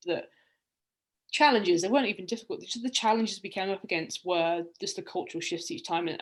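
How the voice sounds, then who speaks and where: This is a woman in her young adult years with a voice that sits on the lower side. She talks casually and reflectively, winding through her stories with frequent ums and restarts. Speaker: guest, round-the-world cyclist. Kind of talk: casual podcast conversation.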